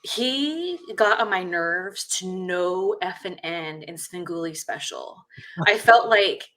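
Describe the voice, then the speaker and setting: A woman's voice: lowish voice, lively intonation, takes it slowly, a bit bright. A woman hosting a podcast in casual chat, blunt and rambling with lots of fillers. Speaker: podcast host.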